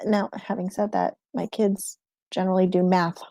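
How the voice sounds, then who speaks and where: A woman's voice: mid-range voice, steady tone, moderate pace, warm tone, no echo. A woman in a casual livestream chat, answering viewer questions about homeschooling, rambling and laughing often mid-sentence.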